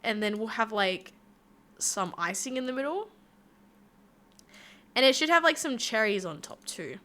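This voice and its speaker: A woman's voice: a little high, expressive, measured pace, sharp tone. A young woman VTuber chatting playfully with her stream chat while she draws. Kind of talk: casual live-stream chat.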